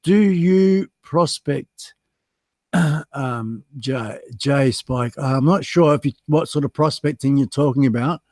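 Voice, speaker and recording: With a medium-pitched, darkish voice and an unhurried pace, this Australian guest host chats casually on a livestream. He reads out viewer messages, riffs self-deprecatingly on getting stood up, and fills gaps with ums and uhs; there's no room sound.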